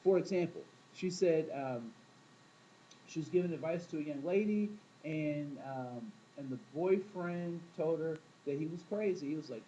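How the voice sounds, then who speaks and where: Male teacher, mellow voice, chatty storyteller who quizzes the class, dull lo-fi classroom recording. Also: on the high side, moderate pace, a little hiss or hum. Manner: storytelling, asks the class questions, acts out quoted voices. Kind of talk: classroom talk to students.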